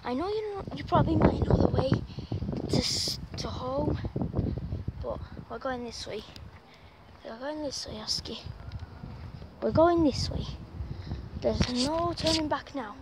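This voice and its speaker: Young woman, high voice, exasperated dog walker, handheld outdoor vlog with heavy background noise. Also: expressive, a little slow, pauses often. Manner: exasperated, pleading with her dog. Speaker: vlogger. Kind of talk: casual vlog while walking a dog. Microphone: handheld camera. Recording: loud outdoor noise on camera mic.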